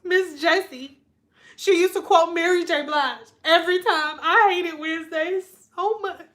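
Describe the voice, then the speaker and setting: A woman vlogger with a very high-pitched voice tells a story in casual chat at a measured pace. She's animated, laughs, and often mimics other people's voices.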